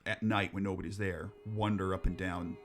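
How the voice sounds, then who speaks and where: A man's voice: low-pitched, steady tone, normal speed, soft background music. A man co-hosting a podcast, telling ghost stories in casual, rambling chat, joking, swearing and laughing at his own jokes. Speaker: podcast co-host.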